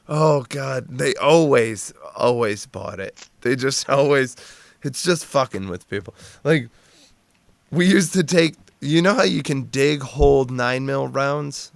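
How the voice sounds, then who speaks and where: A man's voice: mid-range voice, lively intonation, slow pace, creaky, dry recording. A man, a Marine veteran guest on a podcast, telling rambling, profane stories with frequent laughs and restarts. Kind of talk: casual storytelling chat.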